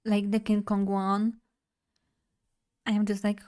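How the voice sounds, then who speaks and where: A woman's voice: mid-range voice, completely flat delivery, takes it slowly, pauses often, darkish tone. A young woman streamer in casual live chat, playful and chatty as she talks to her viewers.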